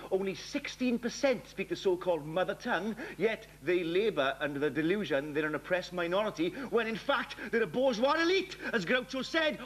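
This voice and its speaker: A man's voice: sits high, a bit bright, poor audio. A man presenting comedy reviews in a crude, sardonic, mock-pompous rant. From Wales. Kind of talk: comic rant.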